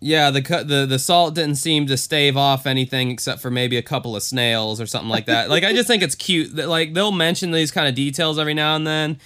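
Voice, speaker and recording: A man chats casually as a podcast co-host, drifting through filler words as he recaps. His voice is crisp and resonant. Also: a little high, a little fast, few pauses, pushed and bright. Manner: rambling, filler-heavy, often says "like". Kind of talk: casual chat recapping a TV episode.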